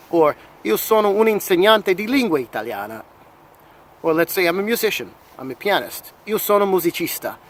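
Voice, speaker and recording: A man's voice: on the high side, slight background noise. A man from New Jersey with an American accent, teaching an Italian lesson, patiently repeating examples and switching between English and Italian. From New Jersey, USA. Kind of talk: language lesson.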